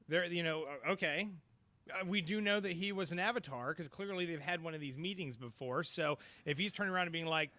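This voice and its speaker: A man's voice: a little high, pushed and bright, no room sound. A man co-hosting a podcast, chatting casually about a TV episode with many fillers and restarts. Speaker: podcast co-host. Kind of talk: casual episode review chat.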